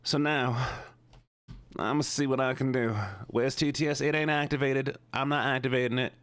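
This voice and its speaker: A man's voice: medium pitch, steady tone, normal speed, fairly bright tone, clear, resonant tone, no echo, lightly acted. A man putting on a drawling Southern good ol' boy. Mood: folksy. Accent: put-on American Southern. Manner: drawling, folksy. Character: folksy Southern man chatting easily.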